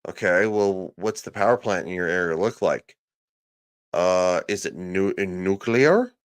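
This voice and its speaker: A man's voice: low-pitched, animated, measured pace, clean tone. A man delivering a ranting reaction commentary, sarcastic, profane and mocking. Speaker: political commentator.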